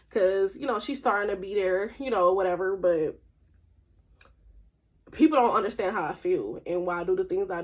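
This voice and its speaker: A woman, talking candidly and emphatically to camera in a casual vlog monologue. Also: medium pitch. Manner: candid, emphatic, conversational with slang. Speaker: vlogger.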